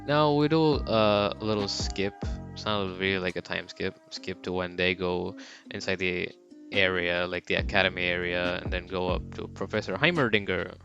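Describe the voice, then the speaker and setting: A man's voice: low voice, steady tone, moderate pace, vocal fry, highs cut off, music in the background. A young man casually narrating a fan story, slangy and rambling.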